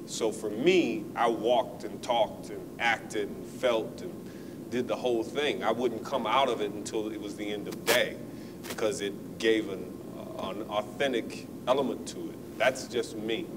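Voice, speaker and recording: A man, an actor guest, giving measured, thoughtful answers in a casual interview. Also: on the low side. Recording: distant mic with noise.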